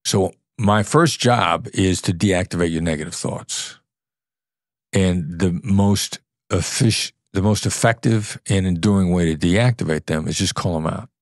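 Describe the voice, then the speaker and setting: A man with a very low, deep voice talks through his ideas in an earnest, explanatory way, now and then demonstrating tones of voice. The sound is dry and close, with no room echo. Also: measured pace. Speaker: podcast guest, former FBI negotiator. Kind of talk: conversational interview.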